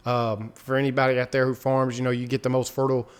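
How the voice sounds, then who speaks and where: A man co-hosting a casual recap chat, telling the story in an excitable, animated way. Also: medium pitch, fast, clear, resonant tone. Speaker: podcast co-host.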